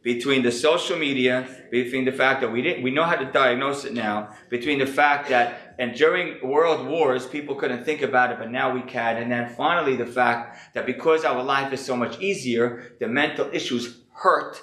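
A man teaching a class as a rabbi, earnest and reflective, his voice a little hoarse from being sick. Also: mid-range voice, moderate pace, hardly any pauses, sharp tone, reverberant, rough recording. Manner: earnest, reflective, thinking aloud. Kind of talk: earnest lecture.

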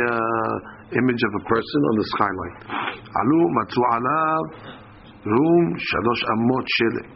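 A man's voice: mid-range voice, vocal fry, lo-fi sound, slight background noise. A man giving a daily Talmud class, reading the text aloud and then translating it in plain talk. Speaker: Talmud teacher.

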